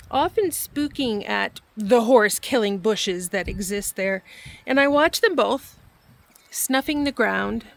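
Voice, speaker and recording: A middle-aged woman hosting her own channel, telling a personal story softly and reflectively, laughing now and then. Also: on the high side, vocal fry. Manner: soft, reflective, laughs often. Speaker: vlog host and storyteller. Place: at home near a barn.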